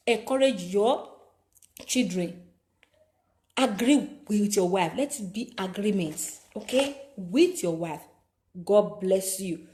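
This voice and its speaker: A woman's voice: medium pitch, dark tone. A woman with a Nigerian accent giving preachy life advice, repeating phrases for emphasis. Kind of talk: motivational talk to camera.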